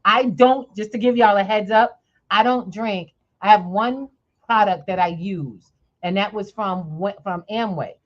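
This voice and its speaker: A woman hosting a podcast, telling a story in a lively, chatty way and laughing often. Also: mid-range voice, a little slow, highs cut off. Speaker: podcast host. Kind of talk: casual chat, storytelling.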